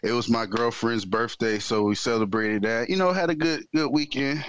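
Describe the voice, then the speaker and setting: A man with a mid-range voice co-hosts a casual sports podcast. He speaks in a relaxed, soft-spoken way and often answers with a quick word of agreement. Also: medium pitch, clear, resonant tone. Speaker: podcast co-host.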